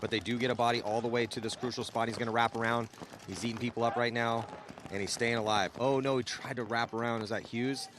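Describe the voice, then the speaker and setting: A man's voice: medium pitch, fairly even intonation, fast. A man calling a live paintball match in casual, chatty play-by-play. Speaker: paintball commentator. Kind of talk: live sports commentary. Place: outdoor paintball event. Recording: crowd noise behind.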